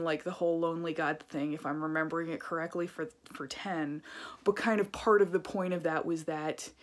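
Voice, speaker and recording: Low-voiced woman ranting casually. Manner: chatty, ranty, heavy use of filler 'like'. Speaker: vlogger. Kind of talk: casual rambling review vlog.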